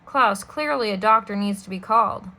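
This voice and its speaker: A woman's voice: medium pitch, moderate pace, pushed and bright. A woman voicing a stiff, fussy man who speaks sternly and primly. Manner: stern and prim. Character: stiff, fussy adult male banker.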